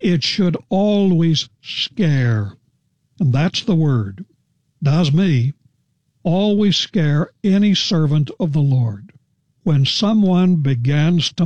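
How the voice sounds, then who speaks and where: A man teaching the Bible verse by verse on a radio program, earnest and deliberate, stressing key words. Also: on the high side, darkish tone, no room sound, highs cut off.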